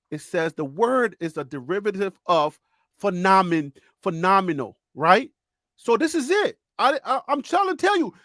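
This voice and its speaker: A high-pitched man with a Liberian accent hosts a lively sports debate, words tumbling out in repeats. His voice is close and dry, with no room around it. He is excitable and quick to laugh. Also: dry recording. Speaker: host. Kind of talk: live sports debate chat.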